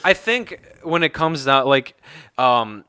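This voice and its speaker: A young man in casual sports talk, his voice bright and crisp. It sounds dry and close, and he works his way through thoughts with lots of stops and restarts. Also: medium pitch, animated, no echo. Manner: halting, many fillers and restarts. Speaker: podcast co-host.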